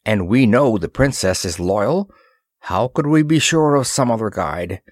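A man's voice: fairly low pitch, a little slow, no echo, studio quality. A man voicing an easygoing, loyal male sidekick who speaks mildly and wryly. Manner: mild, wry, relaxed speech.

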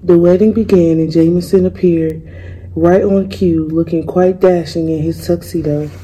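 A young woman, a student, reading a picture book aloud in a calm, measured way. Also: on the low side, a little hiss or hum, rough recording. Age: young adult. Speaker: student reader.

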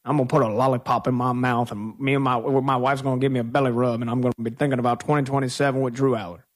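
A man doing an impression of a middle-aged football coach who talks in a slow, satisfied, low drawl. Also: flat delivery, natural voice. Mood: dreamy, content.

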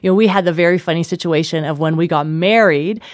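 A woman guest in an interview, an author telling animated stories with frequent laughter. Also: lowish voice, fast talker, dry recording, studio quality. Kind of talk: interview storytelling.

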